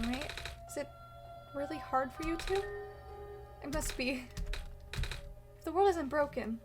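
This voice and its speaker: A woman voicing a gentle, lost young child who speaks hesitantly and stammers, with game music behind. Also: high voice, natural voice. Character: soft-spoken lost young child messiah.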